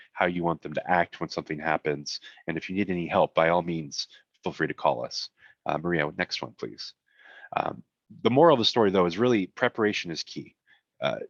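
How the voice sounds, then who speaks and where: Man, low voice, conversational webinar presenter with offhand humor, voice tiring; dry, slightly muffled mic. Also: no room sound. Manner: conversational, self-deprecating asides. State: voice getting tired. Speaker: cybersecurity presenter.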